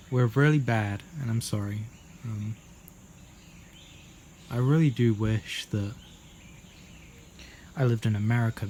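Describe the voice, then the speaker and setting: A young British man talks aimlessly in a garden, jumping from topic to topic with plenty of swearing and jokes. His voice sits at an ordinary middle pitch. Faint crickets chirp in the background. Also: dark tone, slight background noise. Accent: British English. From Britain. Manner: meandering, jokey, swears a lot, acts out silly voices. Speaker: vlogger. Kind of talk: rambling casual monologue. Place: outdoors in a garden.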